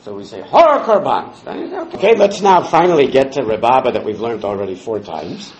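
A man's voice: medium pitch, lively intonation, a little fast, darkish tone, reverberant, lo-fi sound. A man leading a Talmud study class, explaining the text step by step and quoting Hebrew and Aramaic phrases. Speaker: Talmud teacher.

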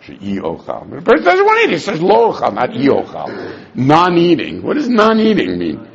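A man teaching a Talmud lesson in an argumentative, animated way, dropping in Aramaic terms and restarting his sentences. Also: on the high side, brisk, gravelly. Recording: dull lo-fi recording.

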